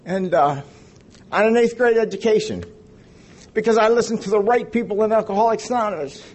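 Man, fifties, slightly raised pitch; rambling, joking testimony at a recovery meeting. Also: a little fast, darkish tone. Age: 50s. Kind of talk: personal testimony to an audience.

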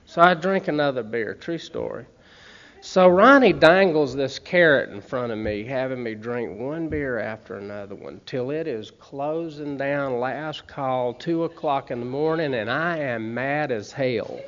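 A middle-aged man from Montgomery, Alabama, with a Southern US accent shares a recovery story, telling humorous personal tales to an audience in a folksy way. He's expressive and unhurried, with a medium-pitched, fairly bright voice, and he often checks in with "okay?" and "man." The recording is slightly muffled.

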